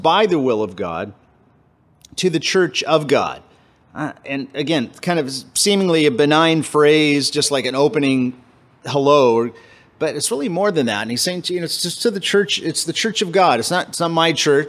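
A man preaching a conversational sermon, casual and halting, often restarting his phrases and acting out quoted voices. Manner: acts out quoted voices with jumps in pitch. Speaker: pastor.

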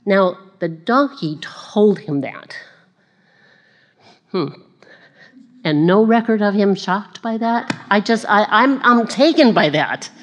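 In a muffled recording, a woman preaches in a relaxed, talkative way, joking at her own expense with laughing asides. Her medium-pitched voice is slow, with long pauses, and she livens up as she recounts stories.

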